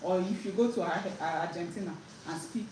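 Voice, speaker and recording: A woman's voice: lowish voice, brisk. A woman giving a casual spoken language lesson, chatty, with frequent "like" and "right?" and many restarts. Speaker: language teacher. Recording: roomy echo, distant mic, faint background noise.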